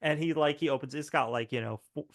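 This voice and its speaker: A man's voice: on the high side, fast. Laughing male game master. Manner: laughing, loose, full of fillers. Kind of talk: narrating a tabletop game.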